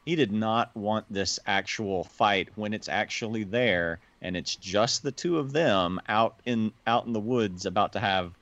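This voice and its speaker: A man co-hosting a podcast, talking thoughtfully and haltingly with lots of fillers. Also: fairly low pitch, fairly bright tone, no room sound, lo-fi sound. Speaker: podcast co-host. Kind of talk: casual film discussion.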